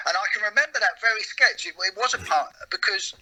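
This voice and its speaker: A middle-aged man recalls his career in a relaxed interview, reflective and halting. His voice is husky with a very sharp, tense edge at a middling pitch. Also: poor audio. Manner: reflective, anecdotal, hesitant restarts. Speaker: comedian and comedy writer guest. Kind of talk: casual chat interview.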